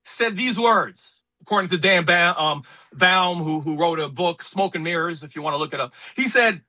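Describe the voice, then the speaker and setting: A man hosting a talk radio show, speaking in an emphatic, opinionated way about sports and politics. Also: high-pitched. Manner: animated, emphatic, quick asides. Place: radio studio.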